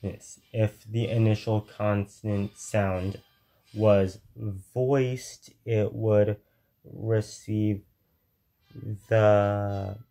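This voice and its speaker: A man explains at an unhurried, slow pace, often stopping to correct himself or hunt for a word. His voice is mellow and sits fairly low. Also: steady tone. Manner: halting, self-correcting, searches for words. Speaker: language history explainer. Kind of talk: unscripted educational explainer.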